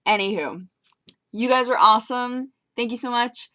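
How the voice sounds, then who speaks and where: A woman's voice: a little high, normal speed, sharp tone, dry recording. A young woman vlogging to her viewers in a bubbly, rambling way, giggling as she tells a story. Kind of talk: casual chat to camera.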